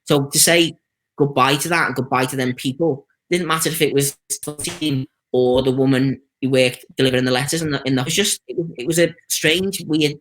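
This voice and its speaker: A Scouse man with a medium-pitched voice talks fairly quickly. He's a stuntman guest in a casual interview, chatting away with lively anecdotes and doing the voices of people in his stories.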